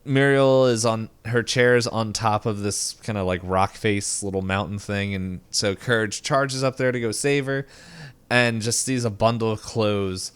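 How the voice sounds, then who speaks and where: Low, smooth-voiced man recapping. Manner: rambling, lots of fillers, acts out characters' lines in quick voices. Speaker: podcast co-host. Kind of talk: casual chat recapping a cartoon.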